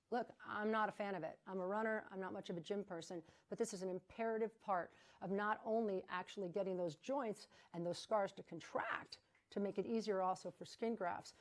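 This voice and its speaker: A woman hosting a live charity broadcast, talking without notes in an emphatic, chatty, energetic way. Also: medium pitch. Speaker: fundraising gala host. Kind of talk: live-broadcast fundraising appeal.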